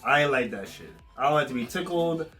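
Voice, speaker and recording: A man with a medium-pitched, sharp-toned voice chats loosely and fairly quickly with his girlfriend in their couple vlog, faint music playing behind. As the boyfriend and co-host, he's animated, slangy and swears constantly in this casual chat.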